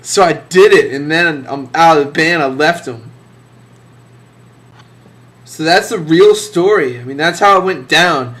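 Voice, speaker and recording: A man's voice: fairly high pitch, unhurried, pauses often, a bit bright. A young man telling a boastful, sarcastic mock story about leaving his band.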